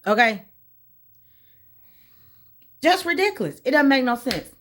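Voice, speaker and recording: Exasperated ranting woman, slightly high voice. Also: sing-song, a little slow, a bit bright. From Indiana, USA. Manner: exasperated ranting, repeats points. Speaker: vlogger. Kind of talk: casual opinion vlog.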